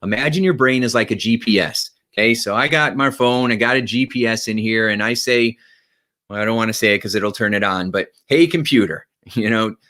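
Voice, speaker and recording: Bright-voiced energetic motivational speaker man. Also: fairly low pitch, a little fast. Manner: energetic, emphatic, frequent "right?" and "okay?" check-ins. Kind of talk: motivational talk to viewers.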